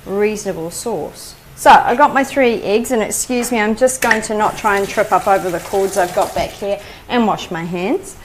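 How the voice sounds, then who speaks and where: A woman's voice: medium pitch, normal speed, hardly any pauses, a little hiss or hum, low-quality recording. A woman with a New Zealand accent hosting a live cooking demonstration, chatting homely as she explains each step. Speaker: cooking show host.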